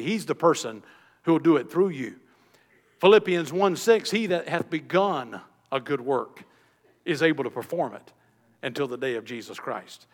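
A man preaching a sermon with a high-pitched voice that rings out with long reverb, as if from a church sanctuary. He pushes up into emphatic peaks, then falls back to quiet, low phrases. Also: expressive, normal speed. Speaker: pastor.

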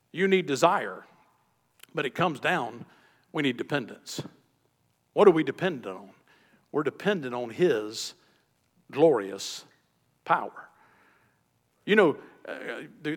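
High-voiced preacher man in a reverberant hall. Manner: preaching with rising emphatic peaks and quiet low drops. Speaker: pastor. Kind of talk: sermon.

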